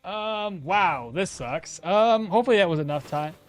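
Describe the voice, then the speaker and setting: A man's voice: high-pitched, lively intonation, moderate pace. A man streaming a game, chatting with viewers in an exasperated, laughing way. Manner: exasperated, laughing, talks to chat. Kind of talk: casual live-stream commentary.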